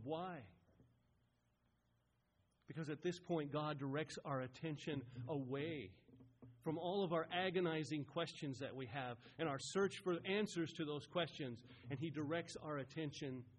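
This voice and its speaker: A man preaching a sermon as a pastor, swelling to loud emphatic peaks and dropping to quiet, slow phrases. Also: a little high, a little hiss or hum. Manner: rising and falling in emphasis, building to loud peaks.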